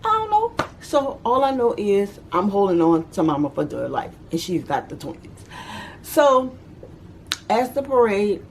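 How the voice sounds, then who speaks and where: A woman tells a story in a casual vlog, her voice swinging up and down in pitch as she acts out the people in it. She speaks at an ordinary pitch for a woman. A faint noise sits under her voice. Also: measured pace. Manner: animated, acts out voices and shouts. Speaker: vlogger telling a childhood story.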